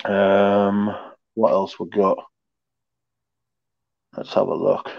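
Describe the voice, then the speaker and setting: A man's voice: on the low side, flat delivery, extremely slow, vocal fry, dry recording, highs cut off. Rambling man on a call. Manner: laid-back, rambling, many ums and restarts. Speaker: perfume collector guest showing his collection. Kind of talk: casual chat, swearing freely. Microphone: video call.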